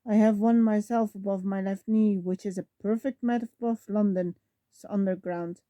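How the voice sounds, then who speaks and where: A woman voicing an old male wizard headmaster, calm and wry, in a measured storybook reading. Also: mid-range voice, no echo, dull audio, lightly acted.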